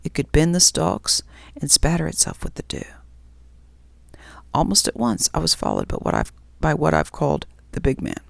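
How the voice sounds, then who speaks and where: Brief: woman reader, whispered role-play, gravelly texture, dry close mic. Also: low-pitched, huge pitch swings, no room sound. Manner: slow, hushed storytelling. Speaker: audiobook reader.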